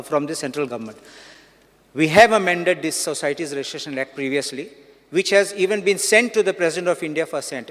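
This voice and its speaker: Lawyer type in the assembly, slightly high voice, quoting acts and articles, echoey hall. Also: male voice. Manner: legalistic, cites statutes and dates. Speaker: opposition legislator and advocate. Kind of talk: legislative debate objection. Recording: long reverb in assembly chamber.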